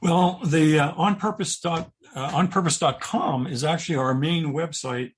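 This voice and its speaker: A man's voice: fairly high pitch, slight background noise. A middle-aged man, a guest coach in an interview, talking earnestly and often restarting his words as he thinks. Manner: earnest, halting, repeats words while thinking. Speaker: guest, purpose coach and speaker. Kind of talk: interview conversation.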